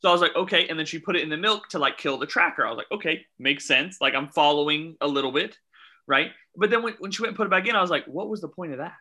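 A man co-hosting a casual movie review podcast, animated and incredulous as he questions plot points. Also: a little high, fast talker. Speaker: podcast co-host.

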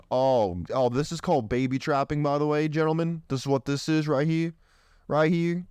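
A man's voice: on the high side, a little mellow, smooth, dry recording, studio quality. A young man hosting a show, giving blunt, provocative commentary while reading a dating list aloud. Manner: blunt, provocative, slips into mocking voices for others. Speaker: podcast host.

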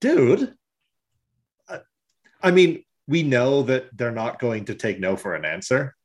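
Man for podcast co-host, expressive pitch, animated and loose. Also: slow pace, dull audio. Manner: animated, laughs often, swears casually. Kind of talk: casual chat.

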